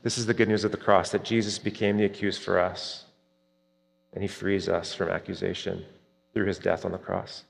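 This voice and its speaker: Gravelly low-voiced male preacher in reverb. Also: flat delivery, normal speed. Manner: earnest preaching, rising for emphasis, dropping soft for quotes. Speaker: pastor. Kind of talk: sermon. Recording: long reverb, hall-like.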